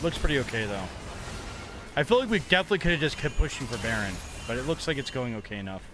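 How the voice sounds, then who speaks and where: A man's voice: mid-range voice, very animated, fast talker, music in the background. A young man casually commentating his own game live as a streamer, chatty and joking with his chat. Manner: casual, chatty, playfully mock-angry trash talk.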